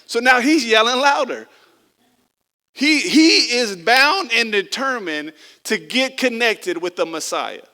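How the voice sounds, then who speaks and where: A man preaching a sermon in a conversational way, moving between loud emphasis and quiet, low stretches and acting out the people he quotes. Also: big-room sound. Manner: acts out quoted people in a casual voice. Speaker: pastor.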